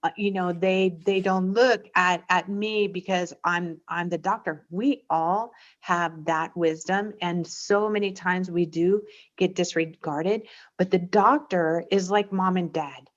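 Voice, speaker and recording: A woman guest on a radio interview, explaining ideas in a reflective way with gentle searching pauses. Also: lowish voice, fairly even intonation, muffled recording. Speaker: guest expert.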